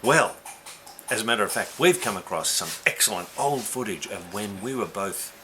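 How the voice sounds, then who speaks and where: Man, middle-aged, low pitch, dry rambling humor, outdoor recording, audible background noise. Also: expressive, normal speed, pushed and bright, rough recording. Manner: dry, rambling, self-mocking. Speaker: band member co-hosting a video intro. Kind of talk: casual joking chat.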